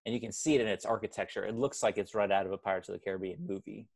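Racing along in a lowish voice with vocal fry, a man in his twenties co-hosts a casual movie podcast. He's chatty and rambling, correcting himself as he goes.

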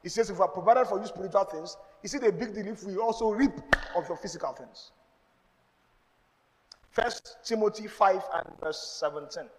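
A man's voice: high-pitched, normal speed, slight background noise. A man with a Nigerian accent, a pastor preaching a sermon with emphatic call-and-response to the congregation. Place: church. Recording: long reverb in a large hall.

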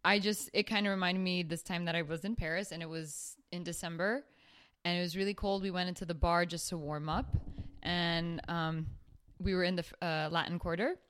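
A woman co-hosting a podcast who tells travel stories in a casual, animated way and acts out the people she quotes. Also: on the low side, normal speed, smooth. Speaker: podcast co-host. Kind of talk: casual storytelling.

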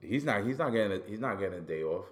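Lively low-voiced man talking wrestling. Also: very fast. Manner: animated, profane, repeats words when excited. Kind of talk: casual wrestling talk.

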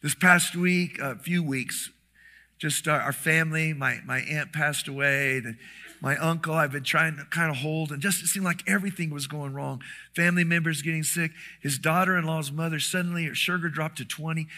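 A middle-aged man preaching a sermon, telling a story with lively animation and acting out the quoted lines. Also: a little high, normal speed. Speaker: pastor.

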